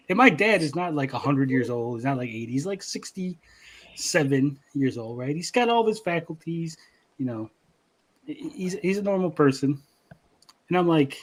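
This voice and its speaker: A man hosting a podcast, telling a story in casual chat, animated and profane, repeating words as he goes. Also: mid-range voice, brisk. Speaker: podcast host.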